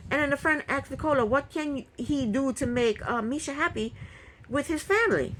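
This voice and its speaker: A woman recapping a reality TV episode in casual talk, opinionated and indignant, with quick asides. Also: sits high, fairly bright tone, slight background noise, rough recording.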